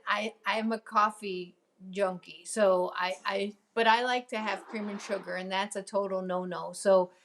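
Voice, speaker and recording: Woman host, mid pitch, gravelly fry, rambling live-stream chat with viewers. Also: a bit bright. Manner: chatty, answers viewer comments, many ums and laughs. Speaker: crafting show host.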